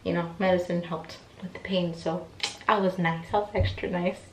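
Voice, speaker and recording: A young woman telling a personal story in a casual, animated way, acting out what people said. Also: on the low side, moderate pace, slight background noise. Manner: chatty, animated retelling with quoted voices. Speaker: vlogger. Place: room at home, in pajamas. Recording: echoey room, mic set back.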